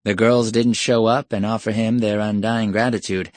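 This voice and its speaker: A man's voice: on the low side, flat delivery, moderate pace, dry recording. A man reading an urban fantasy short story aloud in a wry, sardonic storytelling style. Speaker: audiobook narrator. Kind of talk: scripted narration.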